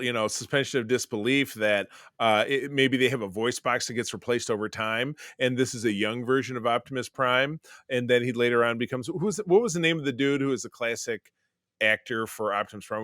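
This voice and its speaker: A man co-hosting a casual podcast chat, animated and trailing off with fillers. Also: mid-range voice, moderate pace, no echo, clean studio sound. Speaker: podcast co-host.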